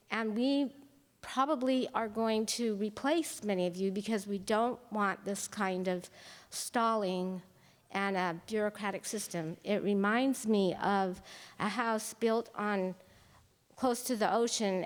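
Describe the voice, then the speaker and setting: A woman speaks earnestly at a community meeting. Her measured comment rings with the long reverb of a large hall. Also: mid-range voice. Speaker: resident at public meeting. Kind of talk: public comment.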